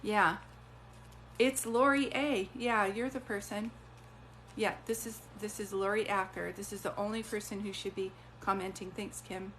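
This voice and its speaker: A woman working as a psychic medium, giving readings on a live stream in a chatty, animated way. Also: medium pitch, moderate pace, a little hiss or hum. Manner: chatty, animated, often acts out quoted voices.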